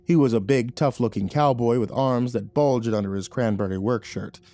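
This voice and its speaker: A man narrating a scripted horror story in a measured storytelling manner. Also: mid-range voice, warm tone, soft background music.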